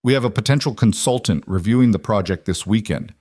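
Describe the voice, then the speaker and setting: A man voicing a contrite businessman who keeps his voice steady and even. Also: on the low side, fairly quick, dry recording, clean studio sound. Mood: steady contrition. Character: contrite businessman husband, middle-aged, steady.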